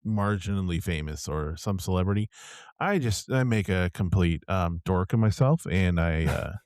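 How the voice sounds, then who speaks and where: A man's voice: sits low, animated, normal speed, darkish tone, smooth, no room sound, clean studio sound. A man co-hosting a podcast, telling a story in casual chat with lots of fillers. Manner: rambling storyteller with many fillers. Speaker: podcast co-host.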